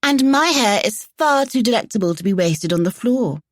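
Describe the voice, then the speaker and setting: A woman voicing a brash, vain young woman who speaks loudly and boldly. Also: on the high side, lively intonation, moderate pace, dry recording, studio quality, pitched above the performer's own voice, natural voice.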